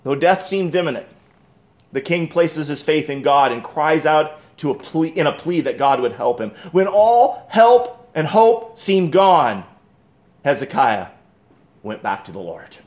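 A male pastor preaching a sermon, calling his listeners friends, moving from loud pleading to hushed, slowed emphasis. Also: on the high side, expressive. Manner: addresses the congregation as friends, asks rhetorical questions.

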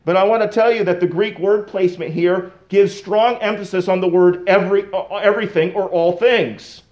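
A man's voice: high-pitched, fairly even intonation, normal speed, muffled recording. A middle-aged male pastor giving a conversational sermon with casual asides and light chuckles.

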